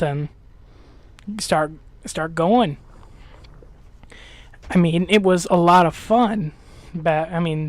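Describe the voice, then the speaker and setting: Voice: medium pitch, darkish tone, no echo. Rambling gaming host with a slight lisp. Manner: rambling, hesitant talk with many restarts. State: dry mouth. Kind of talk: casual gameplay commentary.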